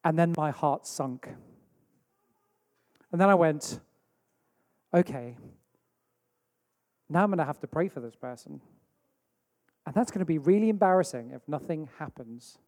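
English preacher in a reverberant hall. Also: male voice, fairly high pitch, animated, normal speed, long pauses, darkish tone. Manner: storytelling with acted-out asides. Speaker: pastor. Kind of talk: sermon. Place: church hall.

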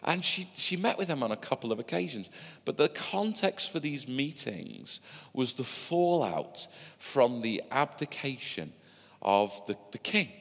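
A man's voice: mid-range voice, very animated, unhurried, gravelly, a bit bright. A man preaching a sermon, telling stories in a conversational way with asides to his listeners. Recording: long hall reverb.

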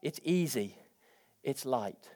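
A man preaching a sermon, energetic and animated, with rising exclamations. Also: mid-range voice, takes it slowly. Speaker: pastor.

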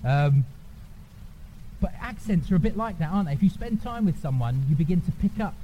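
A man's voice: sits high, expressive, fairly quick, warm tone, highs cut off. A man giving a conversational sermon, informally checking in with his listeners. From England. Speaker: preacher. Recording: noisy church recording.

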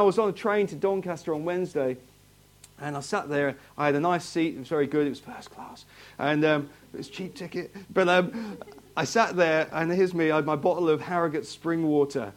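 Conversational pastor preaching to a congregation. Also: male voice, a little high. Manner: conversational, repeats himself, asks the congregation questions. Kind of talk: sermon. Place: church hall, in front of a congregation.

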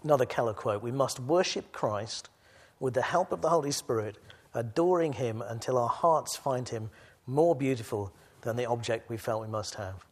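Man, preacher, sermon, mid-pitched voice, quiet reflection turning to loud exhortation. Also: normal speed, slightly rough. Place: church gathering.

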